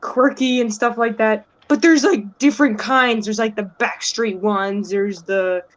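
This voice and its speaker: A woman's voice: on the high side, a little slow, muffled recording. A woman chatting on a stream, bubbly and rambling, full of "like". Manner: bubbly, rambling with many likes. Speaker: stream guest. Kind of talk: casual chat.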